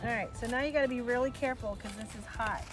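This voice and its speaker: A woman's voice: fairly high pitch, fast talker, over music. A middle-aged woman, a campground host, cheerfully explaining an outdoor cooking demonstration step by step outdoors. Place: outdoor campground by a fire pit.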